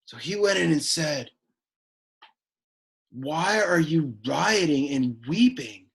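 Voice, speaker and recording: Brief: man putting on a bored, sulky teenage boy teaching Latin, slow, croaky, very husky drawl. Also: on the high side, exaggerated voice. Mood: exasperated deadpan. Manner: deadpan, whiny, easily annoyed. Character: sullen awkward teenage boy, exasperated and bored. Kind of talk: Latin lesson in character.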